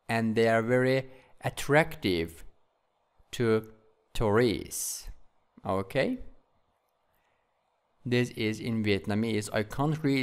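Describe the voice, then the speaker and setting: Male English teacher, patient drilling style, unhurried and animated in pitch. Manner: repeats each word several times, slow drilling; friendly, with checking "okay?". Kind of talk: classroom vocabulary tutorial.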